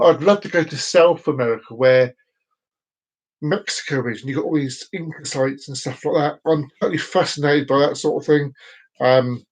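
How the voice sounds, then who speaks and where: A man with a notably high speaking voice hosts his own live stream. He rambles along, circling back to repeat phrases and often tripping over his words in a loose, casual delivery. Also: darkish tone, rough recording.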